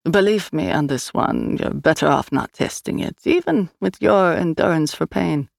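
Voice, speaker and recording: Sly male villain trader, read by a woman: purring, slow, mocking, gravelly edge. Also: deep voice, dry recording, studio quality, exaggerated voice.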